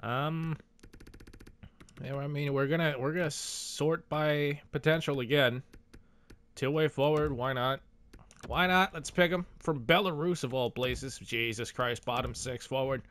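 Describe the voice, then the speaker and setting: A young man giving casual, excitable commentary on his own video game play, talking to himself and swearing now and then. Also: a little high, unhurried. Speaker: gaming YouTuber.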